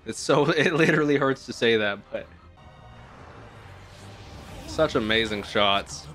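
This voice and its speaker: A young man reacts to an anime on camera in casual, slangy talk with the odd curse. His voice jumps from hushed, awed murmurs to loud, excited outbursts. Faint music plays behind him. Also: medium pitch, unhurried. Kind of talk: live reaction commentary.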